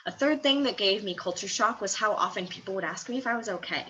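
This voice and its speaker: A woman's voice: mid-range voice, expressive, fast talker, sharp tone, low-quality recording. A woman in her twenties from the American Midwest, chatting casually in a vlog and laughing often between phrases. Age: 20s. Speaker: study abroad student.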